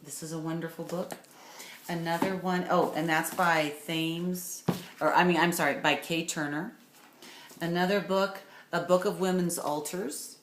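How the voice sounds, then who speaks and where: Woman, low voice, course lecture, rambling and enthusiastic, echoey room. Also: steady tone, unhurried. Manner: rambling, warm enthusiasm with many fillers and restarts. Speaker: course instructor. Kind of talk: recorded lecture for an online course. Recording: echoey room with faint noise.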